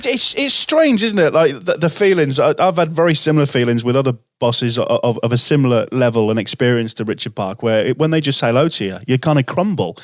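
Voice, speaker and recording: Lively middle-aged man hosting a chat. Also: medium pitch, quick pace, hardly any pauses, no echo, studio quality. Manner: enthusiastic, encouraging. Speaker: podcast host. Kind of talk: casual interview chat.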